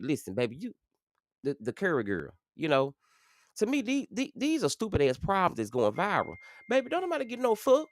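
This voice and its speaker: A man in his forties hosting a live stream, rambling and swearing, his voice jumping high when he rants. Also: dry recording, studio quality. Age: 40s. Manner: profane, rambling, jumps high and loud when ranting. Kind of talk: casual live commentary rant.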